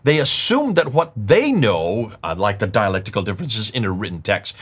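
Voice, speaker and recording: A man's voice: on the low side, big pitch swings, moderate pace, fairly bright tone, slightly rough. A middle-aged man presenting a lecture-style discussion, emphatic, repeating key words and explaining with examples. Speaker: presenter teaching on manuscript history.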